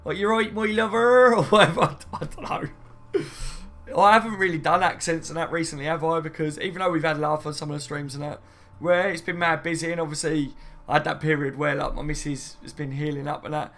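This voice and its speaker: Chatty man streaming, slightly high voice. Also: steady tone, a little fast, fairly bright tone. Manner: rambling, chatty, reads viewer comments aloud; frequent fillers like "you know what I mean" and "mate". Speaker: football fan streamer. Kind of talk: casual live-stream chat.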